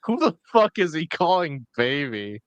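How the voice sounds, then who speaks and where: A man's voice: a little high, big pitch swings, measured pace, clear, resonant tone, no echo, highs cut off. A man making sarcastic comments in casual stream chat.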